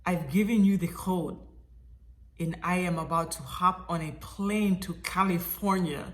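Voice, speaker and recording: A woman acts out a steady, earnest man with a Russian accent, in a storytime retelling. He talks low, slow and measured, with a bright, forceful edge. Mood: calm, earnest. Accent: put-on Russian. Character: calm male mover with a Russian accent.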